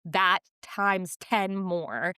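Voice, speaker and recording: A woman's voice: medium pitch, very slow, pushed and bright, clear, resonant tone, no room sound, clean studio sound. A woman in her thirties co-hosting a podcast, telling family stories candidly and with feeling. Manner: candid, emotional storytelling with quoted voices. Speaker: podcast co-host. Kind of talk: casual chat.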